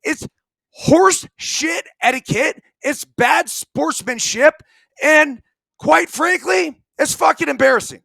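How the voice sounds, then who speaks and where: A man's voice: extremely high pitch, slow pace, gravelly, bright, forceful tone, no room sound, poor audio. A middle-aged man and former ballplayer co-hosting a sports talk show, ranting emphatically and swearing a lot. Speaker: podcast co-host, former ballplayer.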